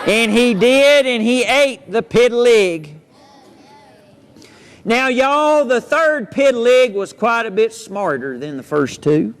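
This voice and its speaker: A man's voice: very high voice, lively intonation, slow, a faint crowd. A man, a cowboy storyteller reciting poems and tales for children in a folksy, playful drawl. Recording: long hall reverb.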